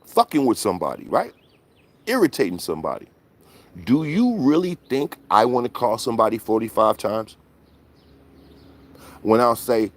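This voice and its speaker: A man's voice: mid-range voice, big pitch swings, moderate pace, long pauses. A man hosting a livestream, ranting bluntly and profanely with lots of rhetorical questions. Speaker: livestream host.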